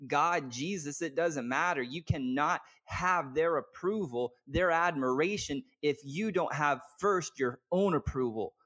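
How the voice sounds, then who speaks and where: A man with a slightly high, somewhat bright voice speaks at a measured pace with few pauses. As a guest business coach, he tells a personal story earnestly and from the heart, full of filler words and restarts, in candid conversational storytelling.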